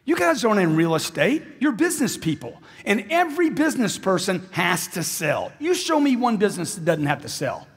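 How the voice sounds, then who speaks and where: A man's voice: high-pitched, big pitch swings, brisk, few pauses, slightly rough, long reverb tail. A man giving a live sales seminar speech, intense and emphatic, repeating phrases for punch. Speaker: motivational sales speaker.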